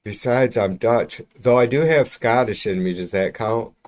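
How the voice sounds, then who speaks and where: A man's voice: medium pitch, moderate pace, darkish tone. A man casually chatting with his livestream viewers, rambling and swearing freely, speaking from about an arm's length from the mic. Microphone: mic about an arm's length away.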